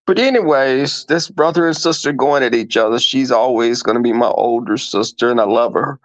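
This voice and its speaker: A man hosting a livestream, telling stories to his viewers in an animated, profane way and acting out the voices in them. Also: mid-range voice, moderate pace, no room sound, poor audio. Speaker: livestream host reading chat. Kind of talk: casual storytelling to viewers.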